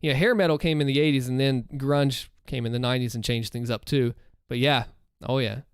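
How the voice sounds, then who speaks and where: A man's voice: medium pitch, fairly even intonation, a little fast, clear, resonant tone, dry recording, clean studio sound. A man in his thirties hosting a livestream, chatting casually and upbeat with his viewers. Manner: upbeat, chatty, talks to chat. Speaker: livestream host and story narrator.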